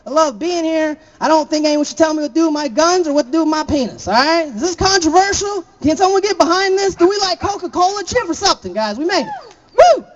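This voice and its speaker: A man's voice: very high voice, sing-song, fast talker, highs cut off, a little hiss or hum. A young man from Florida doing a stand-up set, laughing at his own jokes and throwing chatty asides to the crowd. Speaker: stand-up comedian.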